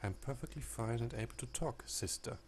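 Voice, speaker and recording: A proud Victorian lady telling her story in a dark video game, read by a man. The voice is measured and deliberate, with a gravelly texture. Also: medium pitch, noisy background, close to an everyday voice. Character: composed Victorian lady, sole survivor.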